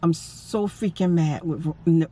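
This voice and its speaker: A woman's voice: deep voice, unhurried, dark tone, rough recording. A woman vlogger venting from her parked car, upset and emphatic. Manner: upset, emphatic, repeats herself. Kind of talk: casual vlog rant.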